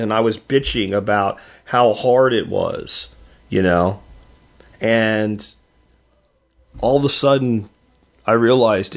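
A man's voice: medium pitch, measured pace, highs cut off. A middle-aged man hosting a show, giving a blunt, earnest motivational monologue that swears now and then. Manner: blunt, earnest, emphatic, with profanity. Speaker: podcast host.

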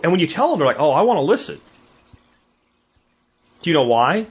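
The podcast host is a middle-aged man whose voice sits a little high, slightly rough, at a fairly quick pace. He delivers a casual storytelling monologue with animation, mimicking the voices of those he quotes. The sound is dull and lo-fi.

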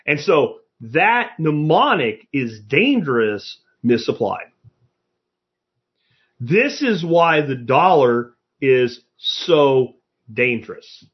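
On dull, lo-fi audio, a man hosting a live stream fires back at chat comments with blunt profanity. This podcast host has a fairly high, slightly husky voice and a lively, swooping way of talking.

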